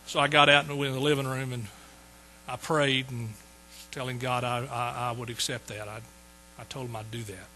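A man's voice: mid-range voice, flat delivery, moderate pace, pushed and bright, slight background noise, rough recording. A man in his sixties telling his conversion story in a folksy sermon, repeating phrases for emphasis. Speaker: preacher. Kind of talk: sermon testimony.

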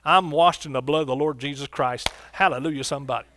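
A man's voice: a little high, fast, bright, forceful tone, a little hiss or hum. A man pastor preaching a sermon, often calling out questions to the congregation. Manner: preacherly call-and-response, asks congregation questions.

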